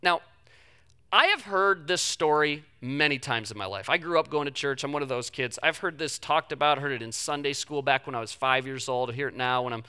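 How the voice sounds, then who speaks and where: A man's voice: mid-range voice, brisk, sharp tone, clean tone. A man in his thirties preaching a sermon in an emphatic, conversational way, often repeating phrases for effect. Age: 30s. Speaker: pastor.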